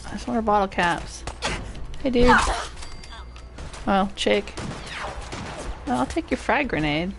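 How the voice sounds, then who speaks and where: A woman's voice: medium pitch, animated, slow pace, vocal fry, long pauses, over music. An older woman giving rambling, casual commentary while streaming a game and greeting chat viewers. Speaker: gaming streamer. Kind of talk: casual live gameplay commentary.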